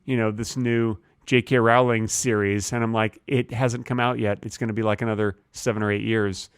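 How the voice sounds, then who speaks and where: A man in his fifties co-hosting a comedy podcast, playing dumb in a deadpan way with absurd claims. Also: fairly low pitch, moderate pace, clear, resonant tone, no echo, clean studio sound. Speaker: podcast co-host. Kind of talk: improvised comedy chat.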